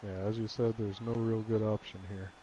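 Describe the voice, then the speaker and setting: A man adds color commentary in a fairly low, relaxed voice, agreeing easily and keeping replies short. Clear background noise runs under his voice. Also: a little fast, highs cut off. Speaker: co-announcer.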